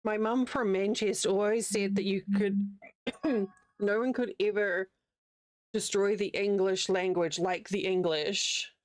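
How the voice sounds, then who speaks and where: A woman's voice: medium pitch, fairly even intonation, a little slow, no room sound, clean studio sound. A young woman with a New Zealand accent, chatting casually with her livestream audience while she crochets, rambling and answering chat as she goes. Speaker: streamer.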